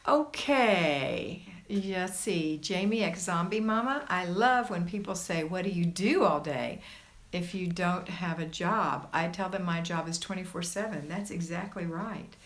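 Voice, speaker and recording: This is a woman with a fairly low-pitched voice speaking at an ordinary pace. As host of a laid-back homemaking livestream, she reads comments aloud and chattily reassures the people watching.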